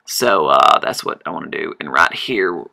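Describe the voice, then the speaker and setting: A man giving casual, rambling commentary while playing a strategy game, full of fillers and sudden excited exclamations. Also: very deep voice, moderate pace, vocal fry. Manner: rambling, chatty, frequent fillers and self-corrections. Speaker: let's-play host.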